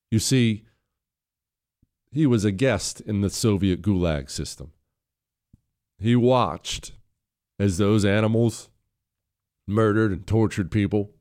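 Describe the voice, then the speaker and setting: Low-voiced impassioned male talk host. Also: a little mellow. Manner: impassioned, building to heated emphasis. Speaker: radio talk show host. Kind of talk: political commentary monologue. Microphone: studio microphone.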